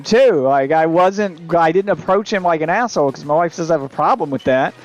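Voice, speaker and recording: A man with a slightly high-pitched voice tells a story to his live stream, swearing often and sounding worked up. Faint music plays under his talk. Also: brisk, few pauses. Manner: profane, exasperated, animated. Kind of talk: casual storytelling rant.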